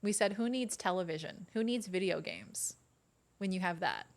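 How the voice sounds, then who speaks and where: A woman's voice: lowish voice, normal speed. A woman streaming a game in casual, chatty commentary, now and then cooing baby talk at her kitten.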